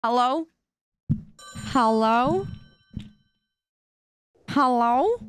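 Woman streamer, goofy and silly, slightly high, lots of pitch swing, game music behind. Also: expressive, drawn-out words, a little hiss or hum. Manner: playful, goofy, repetitive exclamations. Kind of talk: casual game-stream commentary.

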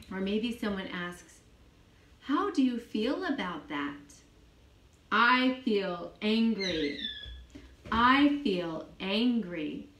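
A woman gives a children's English lesson, speaking very slowly and patiently and repeating every phrase for a child to say back. Her pitch moves up and down in a lively way. The room is echoey, with faint noise behind her. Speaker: teacher of young children.

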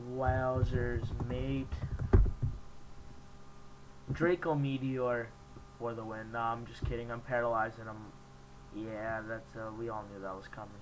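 A young man hosting his gaming channel, chatting casually and jokingly, reacting out loud as he plays an online battle at his computer. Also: mid-range voice, noisy background. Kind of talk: casual game commentary.

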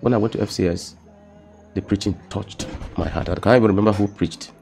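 A young man with a Nigerian accent shares his personal testimony in a relaxed conversational setting. His voice sits very low and deep. He speaks haltingly, repeats his words, and his voice often drops to a soft, emotional hush. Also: vocal fry, soft background music. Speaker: guest telling his testimony.

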